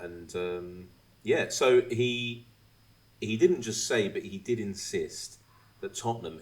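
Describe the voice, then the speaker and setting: A man hosting a podcast, chatting casually and ranting with animated asides and swearing. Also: low voice, moderate pace. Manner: animated, swearing, mimics others mid-rant. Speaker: podcast host. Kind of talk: casual chat.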